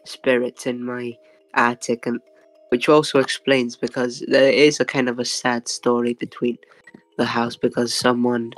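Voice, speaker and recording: A man's voice: mid-range voice, flat delivery, a little slow, poor audio. A young man telling a story from childhood in a hesitant way, full of fillers and little laughs. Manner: hesitant, filler-heavy, laughs between phrases. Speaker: guest. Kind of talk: casual storytelling.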